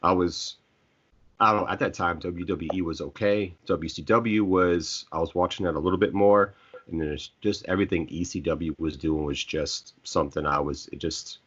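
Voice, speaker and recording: A middle-aged man with a very deep voice hosts a casual chat among friends. He rambles, restarts and stumbles over his words. The recording sounds dull and lo-fi. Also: fairly even intonation, normal speed, breathy edge. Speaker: host.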